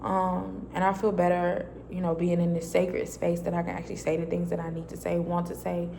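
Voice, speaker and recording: A woman's voice: on the low side, monotone, brisk, gravelly, dark tone, a little hiss or hum. A woman vlogger telling a personal faith testimony in a casual, chatty way, acting out her own dialogue as she goes. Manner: casual, loose and chatty with many fillers. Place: a quiet private space.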